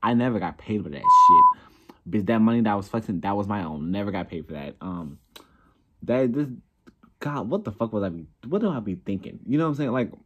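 A man's voice: lowish voice, huge pitch swings, a little fast, pushed and bright, husky, highs cut off. A young man vlogging in a casual, profane, blunt rant, often laughing at himself. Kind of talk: casual ranting commentary.

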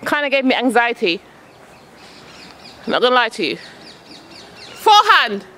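A woman's voice: fairly high pitch, lively intonation, brisk, a bit bright, a little hiss or hum. A woman coaching her son at tennis on an outdoor court, calling out shots and chatting casually to her vlog viewers. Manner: calls out shots, chatty and coaxing.

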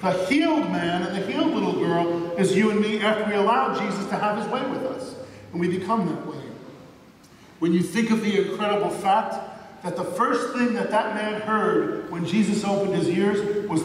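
A man preaching a sermon as pastor, earnest, slowing down to stress key points. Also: high voice, a little hiss or hum. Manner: earnest, slows down for emphasis. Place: church sanctuary. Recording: echoey church hall from far off.

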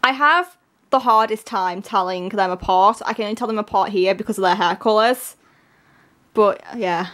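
A woman gushing excitedly through a casual unboxing, her voice strained and giving out. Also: medium pitch, normal speed. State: voice giving out, coughing. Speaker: K-pop album unboxer.

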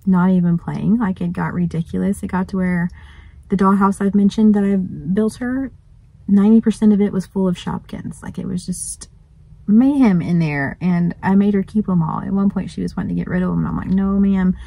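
A woman's voice: mid-range voice, fairly even intonation, fairly quick, vocal fry, mellow, slightly rough, dry recording, rough recording. A woman vlogging outdoors by a lake, chatting and gushing, sometimes dropping to a whisper. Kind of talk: casual chat.

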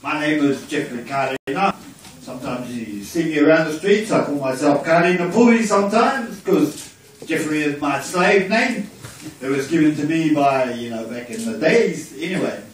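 A New Zealand man with a fairly high voice jokes his way through a campaign speech, drawling and loose. He is recorded from a distance in a booming community hall. A faint hiss sits under him. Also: animated, moderate pace. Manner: jokey, loose, drawling delivery. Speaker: election candidate. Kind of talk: joking campaign speech opened with a chant. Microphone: far from the mic in a hall.

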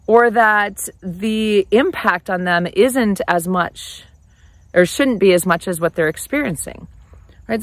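Animated woman giving casual advice. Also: medium pitch, dry recording. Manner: animated, conversational, often acts out quoted phrases. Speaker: relationship advice host. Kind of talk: casual advice talk to camera.

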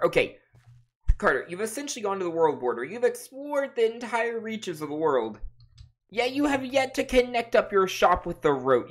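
A woman streaming a game live, playful and teasing her chat, laughing often. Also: mid-range voice. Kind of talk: casual live gameplay commentary.

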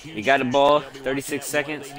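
A young man giving loud, excited commentary while playing a football video game, swearing and bursting into shouts. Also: mid-range voice, normal speed. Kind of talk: excited live gameplay commentary. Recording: loud game crowd noise behind. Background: game stadium crowd.

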